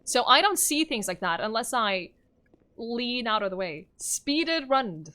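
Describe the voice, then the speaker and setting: A woman's voice: a little high, very animated, unhurried, pushed and bright, clear, resonant tone. A woman streaming a game live, talking playfully to chat, laughing often and yelping whenever her character gets hit. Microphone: microphone in front of her face.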